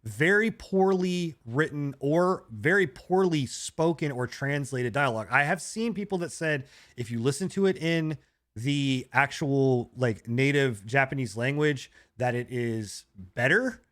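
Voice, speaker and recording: A man co-hosting a gaming podcast, ranting in a rambling, animated way with swearing. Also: mid-range voice, measured pace. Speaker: podcast co-host. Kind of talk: casual gaming podcast chat.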